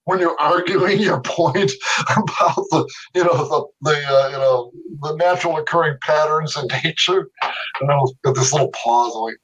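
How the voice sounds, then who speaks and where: A middle-aged man telling stories as a guest in a casual interview, animated, laughing often and acting out what others said. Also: fairly high pitch, normal speed. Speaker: guest artist. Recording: distant from the mic.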